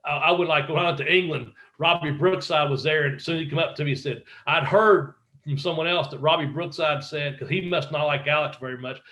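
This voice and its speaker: A former wrestler telling stories in a casual interview, swearing freely and acting out what other people said. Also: male voice, a little high, fairly quick, hardly any pauses. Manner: profane, animated storyteller acting out quotes. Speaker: guest, former pro wrestler.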